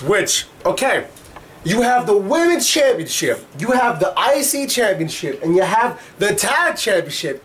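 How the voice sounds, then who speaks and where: A man's voice: a little high, slight background noise. Heated, profane young man ranting. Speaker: wrestling commentator vlogger. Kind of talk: ranting commentary.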